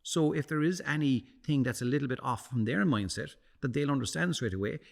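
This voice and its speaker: Speaking briskly with vocal fry in a medium-pitched voice, a middle-aged man who works as a communications coach chats in a casual interview. He's animated, often restarting or repeating words and performing quoted voices.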